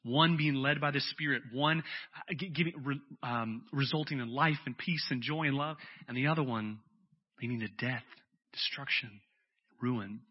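A man preaching a sermon as a pastor, telling stories in a relaxed conversational way with lots of fillers. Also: mid-range voice, normal speed, slightly rough. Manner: conversational storytelling with frequent fillers. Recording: dull lo-fi sound with faint music.

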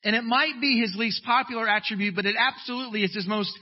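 A man preaching a sermon as pastor, animated and emphatic, slipping into comic voices of people he quotes. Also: very high voice, quick pace, in a large hall, muffled recording.

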